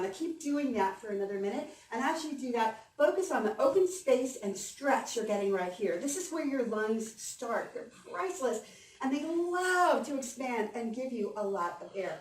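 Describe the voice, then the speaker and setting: A woman voice coach giving an animated, encouraging conference workshop and leading the audience through exercises. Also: a little high, normal speed. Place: conference hall. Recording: echoey hall, mic from a distance.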